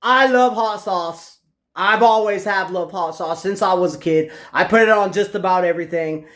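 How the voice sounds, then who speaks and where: A man's voice: high voice, normal speed, fairly bright tone. A man hosting a casual cooking vlog, chatting straight to his viewers as he eats. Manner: chatty, addresses viewers directly. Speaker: cooking channel host.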